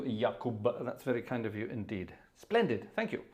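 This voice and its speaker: A man's voice: mid-range voice, very animated, normal speed. Jovial rambling male organist host. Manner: jovial, rambling, chuckling asides. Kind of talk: casual live-stream chat between pieces. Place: hot indoor room at an organ console.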